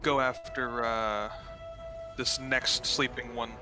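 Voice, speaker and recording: A man's voice: medium pitch, level tone, slow pace. A man playing a tabletop game, thinking aloud as he works through his attack and the rules. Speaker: player. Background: background music.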